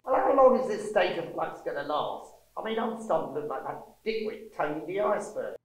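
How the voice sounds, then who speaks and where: A man's voice: high voice, sing-song, fairly quick, roomy sound, low-quality recording. An actor playing an irritable middle-aged man in an audio drama, grumbling and swearing about a strange treatment. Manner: grumpy, swearing, indignant. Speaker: patient undergoing treatment.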